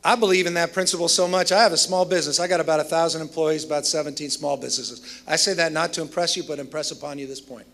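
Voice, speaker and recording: A man's voice: fairly high pitch, fairly even intonation, fast, creaky, hardly any pauses, a bit bright. A man delivering a commencement speech, telling emphatic stories with self-deprecating humor. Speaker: commencement speaker.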